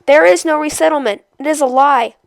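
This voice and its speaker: A woman reading aloud as a weary, frail, half-blind old man who speaks quietly and flatly. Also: sits high, a little fast, creaky, no room sound, pitched above the performer's own voice. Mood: grim. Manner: quiet, flat, tired delivery.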